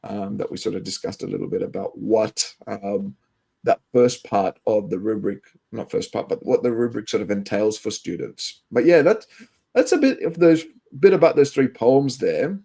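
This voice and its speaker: A man's voice: fairly low pitch, lively intonation, normal speed, gravelly, dark tone, slightly rough. A man with a Western Sydney Australian accent, an English teacher co-hosting a podcast, talking casually and rambling with many fillers and restarts. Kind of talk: casual educational podcast chat.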